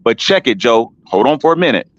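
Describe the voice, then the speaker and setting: A man's voice: mid-range voice, animated, a little fast, no room sound. A man in a heated casual talk on an online panel, emphatic and repetitive, calling listeners by name. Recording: dull dry stream audio.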